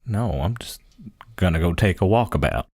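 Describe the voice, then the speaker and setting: A gruff older father, a terse rogue, speaks in a slow drawl, voiced by a man running a tabletop game. The voice sits low. It is recorded dry and close. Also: animated, darkish tone, no room sound. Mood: laconic. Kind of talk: tabletop role-play.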